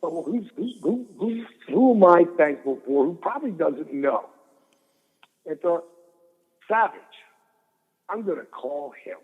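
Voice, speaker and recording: A middle-aged man telling stories as a guest in an interview, animated and swearing freely. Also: on the high side, big-room sound, narrow, tinny audio. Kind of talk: storytelling interview.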